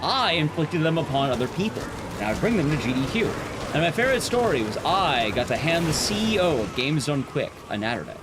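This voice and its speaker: Animated man rambling a profane story. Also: on the high side, brisk, very noisy. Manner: swears freely, rambling anecdotes. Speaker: streamer. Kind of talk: casual storytelling while speedrunning.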